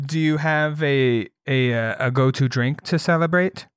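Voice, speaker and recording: A man's voice: medium pitch, measured pace, clean tone, no echo. A man co-hosting a podcast in casual chat, telling stories in a laid-back way with dry humor. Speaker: podcast co-host.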